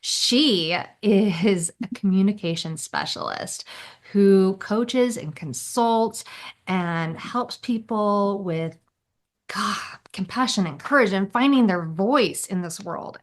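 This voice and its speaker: A woman's voice: medium pitch, takes it slowly. A woman hosting a podcast, upbeat and enthusiastic, with a scripted welcome and then easy interview chat full of laughs. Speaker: podcast host.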